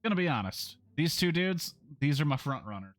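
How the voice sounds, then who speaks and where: A man's voice: fairly high pitch, sing-song, brisk, no room sound, soft background music. A man streaming a game, making wry, joking comments while reading aloud.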